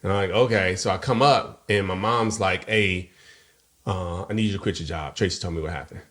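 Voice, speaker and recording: Animated man telling a story. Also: deep voice, brisk. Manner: animated storyteller acting out quoted voices. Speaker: podcast co-host. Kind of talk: casual storytelling chat.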